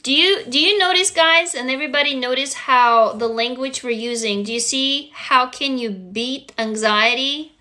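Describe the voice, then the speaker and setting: A woman's voice: high-pitched, normal speed, hardly any pauses, bright, forceful tone. A woman from Russia hosting a casual livestream, talking frankly and answering viewers' comments as she goes. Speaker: livestream host.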